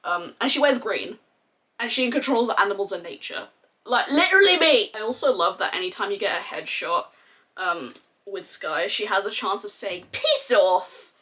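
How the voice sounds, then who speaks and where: A woman's voice: mid-range voice, expressive, moderate pace, pushed and bright. A young Australian woman chatting casually and animatedly through a makeup tutorial, with slangy, sweary asides. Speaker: beauty vlogger.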